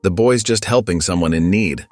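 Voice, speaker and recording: A man's voice: low voice, moderate pace, darkish tone, no echo, soft background music, pitched above the performer's own voice, natural voice. A man voicing an older male regular at a diner, calling out firmly. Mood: protesting. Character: older male regular customer, weathered, protective.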